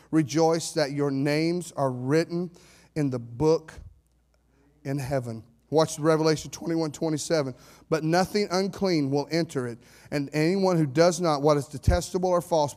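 Man, pastor, high-pitched, fiery preaching that drops to calm reading. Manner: swings from shouted declarations to low, steady scripture reading. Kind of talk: sermon.

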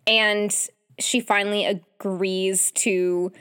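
A woman's voice: medium pitch, level tone, slow pace, fairly bright tone, clear, resonant tone, no room sound, clean studio sound. A young adult woman co-hosting a casual podcast, retelling a story animatedly with lots of "like". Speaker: podcast co-host. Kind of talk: casual chat reviewing romance novels.

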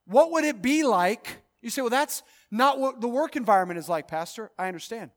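A man preaching a sermon as pastor. He swings from loud, drawn-out proclamations to hushed, quiet lines, with bursts of rapid exhortation. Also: extremely high pitch, expressive.

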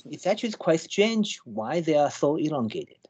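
Halting man explaining with many restarts. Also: on the high side, very animated, dull audio, very noisy. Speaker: scientist guest. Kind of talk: conversational explanation.

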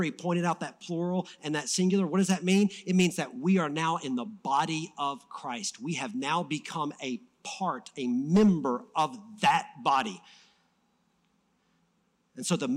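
A fired-up male pastor preaching to his church, his fairly high voice rising to loud emphasis and then dropping soft and low. The sermon is delivered in a passionate, conversational way.

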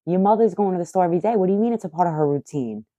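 A woman in her thirties telling a story casually to the camera as a vlogger, animated, profane and self-mocking. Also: fairly low pitch, rapid-fire, dry recording. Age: 30s. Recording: muffled lo-fi audio.

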